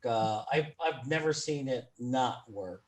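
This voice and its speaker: A man hosting an interview, talking in a relaxed, chatty way and laughing often. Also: medium pitch, takes it slowly, slight background noise. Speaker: podcast host. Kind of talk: casual interview chat.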